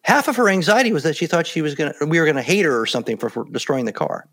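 A former Navy SEAL guest in his later years, speaking in a calm, plainspoken way as he tells stories in an interview. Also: a little high, very fast. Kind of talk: casual interview talk.

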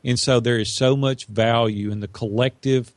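In an interview setting, a middle-aged podcast guest shares a heartfelt story from his life, voicing other people's words as he goes with animated energy. He speaks in a mid-range voice at an ordinary pace, and there's no echo.

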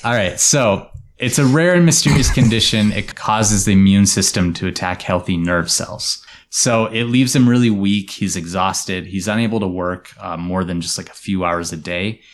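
A man hosting a podcast, telling a story to his co-hosts in a relaxed, explanatory way that often drops to quiet asides. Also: deep voice, normal speed, hardly any pauses. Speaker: storyteller host.

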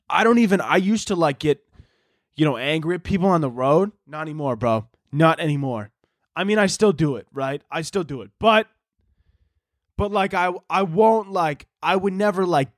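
Profane, rambling young man with a higher voice. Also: dry recording, clean studio sound. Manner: profane, rambling, animated storytelling. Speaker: podcast host. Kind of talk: casual comedic monologue.

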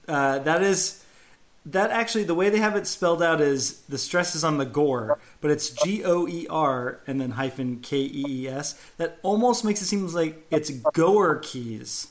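A man co-hosting a casual sports podcast, chatty and self-deprecating, working through name pronunciations. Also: fairly high pitch. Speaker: podcast co-host.

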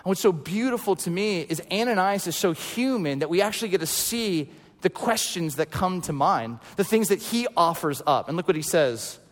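A high-voiced man delivers a sermon as casual storytelling. He slips in and out of the voices of the people in his tale. His voice rings through a large hall with a long reverb. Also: normal speed. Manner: casual and animated, acts out quotes. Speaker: preacher.

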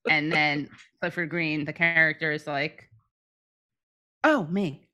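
A woman co-hosting a podcast, chatting casually and retelling scenes in an animated way. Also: sits low, normal speed, clear, resonant tone. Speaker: podcast co-host. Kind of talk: casual chat.

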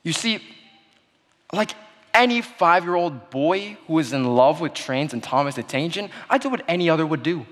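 A young man giving a sermon-style talk, telling a childhood story in an earnest way that goes quiet at the sad moments. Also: a little high, animated, normal speed. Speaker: speaker giving a Christmas message. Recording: long hall reverb.

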